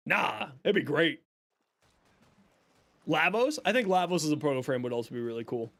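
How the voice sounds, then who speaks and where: A man's voice: fairly high pitch, expressive, moderate pace, gravelly, pauses often, a bit bright. A young man streaming a video game, chatting casually with his viewers, reacting to chat and teasing them. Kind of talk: casual live-stream chat while gaming.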